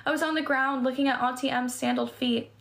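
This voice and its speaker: A woman with a fairly high voice reads a first-person adventure novel aloud. She keeps a plain storytelling pace and sometimes trips over a word and starts it again. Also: fairly even intonation, fast, creaky, a bit bright. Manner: stumbles and restarts words while reading. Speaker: reader.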